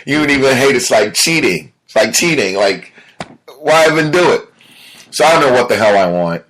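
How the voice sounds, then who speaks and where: A man talks through his week on a casual podcast in a deep, slightly husky voice. He tells stories with plenty of energy, then slides into a low, muttering tone when something bothers him. The delivery is loose and conversational, like talking to friends. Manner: animated storytelling, drops to a low mutter when upset. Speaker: podcast host. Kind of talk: casual solo podcast talk.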